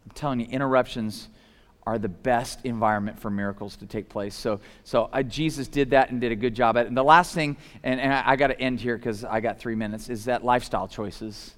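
A man preaching a casual, animated sermon, swinging from loud emphatic shouts to soft low asides, with lots of conversational fillers. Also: fairly quick. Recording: long hall reverb.

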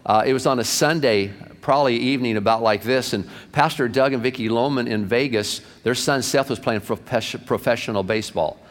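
A male pastor telling sermon stories in a medium-pitched voice, acting out each person he quotes. His voice carries a long reverb from a church hall. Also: fairly quick, few pauses. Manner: animated anecdotes, acted-out quotes. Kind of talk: sermon storytelling.

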